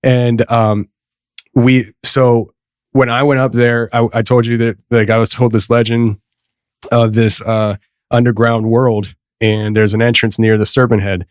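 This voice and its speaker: A man's voice: medium pitch, flat delivery, measured pace, clear, resonant tone, dry recording, clean studio sound. A man hosting a podcast, telling a story in a loose, rambling way with many restarts and frequent laughs. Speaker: podcast host. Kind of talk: casual conversation.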